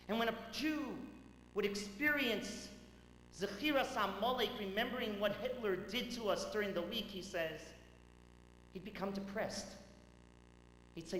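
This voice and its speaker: A man, a rabbi, giving a tribute speech at a banquet, telling stories with dramatic swings between loud and hushed delivery. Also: sits high, normal speed. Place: large banquet hall. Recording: echoey hall with faint hum.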